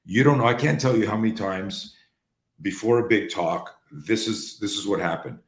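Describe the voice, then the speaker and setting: A man hosting a talk, telling stories in a casual, animated way, sometimes swearing and restarting his sentences. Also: on the low side, normal speed, echoey room. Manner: animated, profane, restarts often. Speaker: host.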